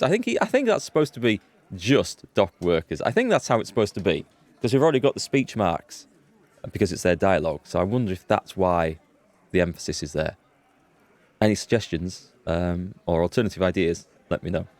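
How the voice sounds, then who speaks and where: A lively, low-pitched man talks through a game session, thinking aloud and reading on-screen dialogue in a chatty, amused way. His voice swings up and down as he goes. It sounds close-miked and dry, with no room sound. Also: moderate pace, no room sound. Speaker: let's play host.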